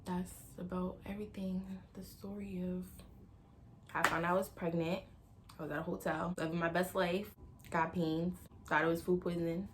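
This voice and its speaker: A young woman in her late teens casually telling a personal story to her viewers, animated and slangy, acting out bits of dialogue. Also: on the low side, normal speed, background noise. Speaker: vlogger.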